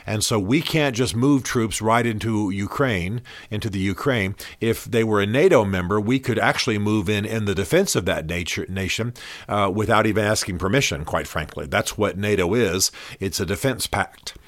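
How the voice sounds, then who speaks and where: A man's voice: fairly low pitch, moderate pace, no room sound. A man hosting his own podcast, talking through current events in a blunt, opinionated, conversational way with fillers. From United States. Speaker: podcast host. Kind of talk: solo podcast commentary.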